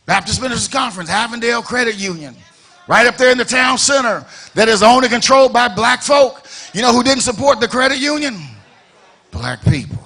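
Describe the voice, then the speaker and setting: A male pastor preaching in a church with a high, bright, ringing voice. He fires off rhetorical questions and repeats his phrases, building up to shouted emphasis. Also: a little fast. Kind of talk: preaching a sermon. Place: church sanctuary.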